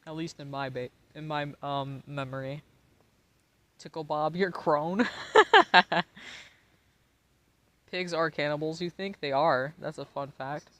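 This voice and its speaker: A slightly high-voiced man who is tipsy and giggly while he streams a game, rambling to his chat with lots of swearing and laughter in his delivery. His talk sounds loose and easygoing. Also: steady tone, moderate pace, no room sound. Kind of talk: casual live-stream chat while gaming.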